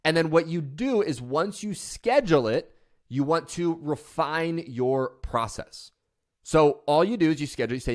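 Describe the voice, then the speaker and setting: Casting note: male motivational speaker, fairly high voice, passionate and emphatic. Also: animated, moderate pace. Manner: passionate, emphatic, mocking voice at the start. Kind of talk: motivational talk.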